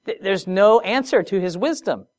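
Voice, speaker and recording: A preacher giving a sermon, moving between soft, drawn-out phrases and emphatic rises, with conversational asides and rhetorical questions. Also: mid-range voice, lively intonation.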